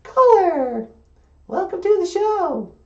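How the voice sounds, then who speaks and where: A man's voice: very high-pitched, very animated, slow pace, warm tone, voice pushed up, full character voice. Man doing a chirpy Southern puppet woman. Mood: cheerful. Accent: Southern US, put on. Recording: echoey room, dull lo-fi sound.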